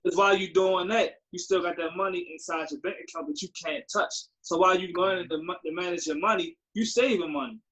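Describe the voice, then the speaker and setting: A man's voice: high-pitched, fast, hardly any pauses, a bit bright, dull audio. A young man co-hosting a podcast, agreeable and easygoing, explaining his points in slang. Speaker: podcast co-host. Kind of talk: casual chat.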